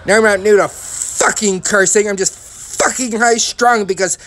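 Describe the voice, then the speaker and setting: A man voicing a high-strung, washed-up comedian in a cartoon parody who rants defensively and swears constantly. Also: fairly even intonation, moderate pace, a bit bright. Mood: ranting. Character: high-strung, foul-mouthed washed-up male comic.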